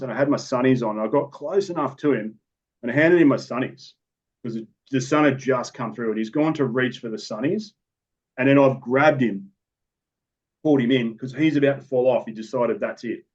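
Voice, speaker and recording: A police officer with an Australian accent talks through job stories in a podcast interview, plain and rambling, frequently starting over. He speaks at medium pitch, slightly quickly, and the recording is dull and lo-fi.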